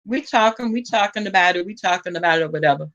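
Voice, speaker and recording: Animated Southern woman spilling gossip. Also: fast, highs cut off. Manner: animated gossip, acts out quotes with big pitch jumps. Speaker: vlogger. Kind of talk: casual storytelling to viewers.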